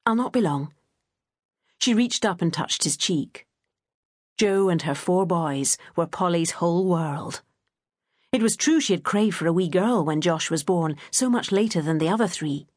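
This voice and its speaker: A woman reads a novel aloud in a gentle, measured way. Her voice sits a little low with a husky edge. The recording is dry and close, with no room sound. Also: animated, dry recording. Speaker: audiobook narrator. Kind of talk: scripted narration.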